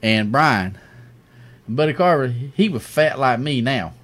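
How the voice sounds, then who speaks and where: A man's voice: medium pitch, measured pace. A middle-aged man co-hosting a podcast, telling stories in casual banter and laughing a lot. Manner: animated storyteller, acts out quotes, laughs a lot. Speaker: podcast co-host.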